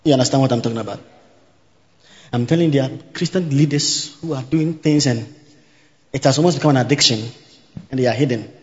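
A man's voice: mid-range voice, a little fast, long pauses. Preacher man in a reverberant hall. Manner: teaching by repetition, asking the congregation if they follow; interjects hallelujah. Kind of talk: sermon. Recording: dull, reverberant hall recording.

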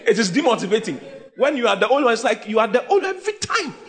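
A male pastor, preaching a humorous sermon, teasing and often shouting to his congregation. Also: very high voice, sing-song, racing. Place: church before a live congregation. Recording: congregation noise behind the voice.

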